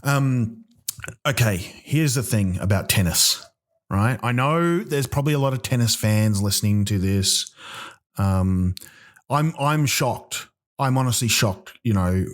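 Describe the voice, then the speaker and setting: A man hosting a comedy podcast, ranting in mock outrage, full of ums and restarts. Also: lowish voice. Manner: rambling, halting, with many ums and restarts; mock-outraged, exaggerating for laughs. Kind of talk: comic rant.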